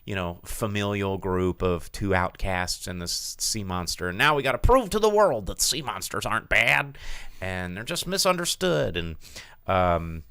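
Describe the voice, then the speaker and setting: Male host, low and smooth, lively casual rambling review chat, dry close sound. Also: unhurried, dry recording. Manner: rambling, animated, many fillers and restarts. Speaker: podcast host.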